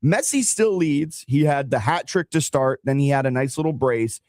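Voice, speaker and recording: A man hosting morning sports talk radio, upbeat and quick with the jokes. His voice sits at a middle pitch, recorded close and dry in a studio. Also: animated, darkish tone, no room sound. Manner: upbeat, joking, quick banter.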